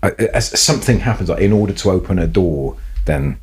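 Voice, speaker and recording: A man's voice: deep voice, lively intonation, normal speed, a little mellow, husky. A man co-hosting a podcast, telling stories in casual chat with hesitant restarts. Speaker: podcast co-host.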